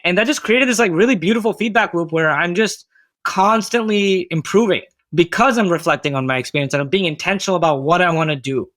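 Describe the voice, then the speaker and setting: A man's voice: high voice, brisk, a bit bright, dry recording. A man speaking as a podcast guest, reflective and casual, full of "like" and "you know". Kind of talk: casual conversational interview.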